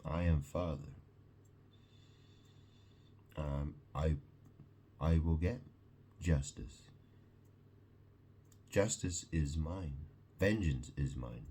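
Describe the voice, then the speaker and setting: Man, very low and husky, slow rambling monologue, swears, repeats himself, keeps asking "yeah?". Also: dark tone. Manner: rambling, repetitive, profane, keeps checking in with "yeah?".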